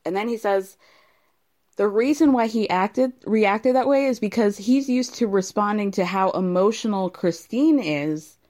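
Young woman ranting about a tv episode, swears a lot, super exasperated, mid pitch. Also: a little slow. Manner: exasperated, profane, animated ranting. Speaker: reality TV recapper. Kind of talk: casual recap.

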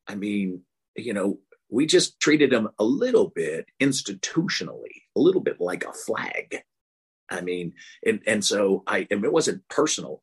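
A man's voice: low voice, husky. An older man from Texas, a guest author telling stories in an earnest, rambling way. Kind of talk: casual interview talk.

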